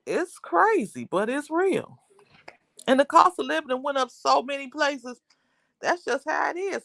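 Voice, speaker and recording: A woman's voice: on the high side, a bit bright, no echo, clean studio sound. A woman hosting a casual livestream, chatting with viewers in a rambling, talkative way. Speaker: livestream host.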